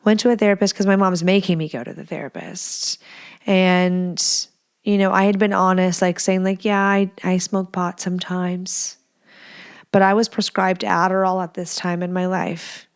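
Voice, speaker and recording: A woman's voice: medium pitch, a little mellow. A woman in her thirties hosting a podcast, giving candid advice in a frank, blunt way, swearing freely and acting out the people she quotes. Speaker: podcast host.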